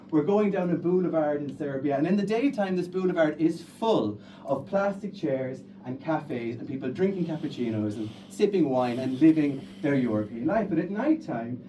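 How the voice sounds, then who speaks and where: A young Irish man with a Kerry accent tells a true comic story on stage in a lively, animated way. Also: a little high, far from the mic, background noise. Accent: Irish, County Kerry. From Ireland. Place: storytelling stage before an audience.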